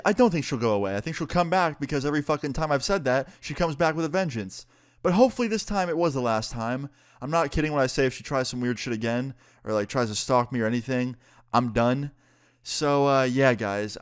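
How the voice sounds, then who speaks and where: A man telling a personal story in a casual story-time vlog, animated and full of swearing. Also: mid-range voice, clear, resonant tone.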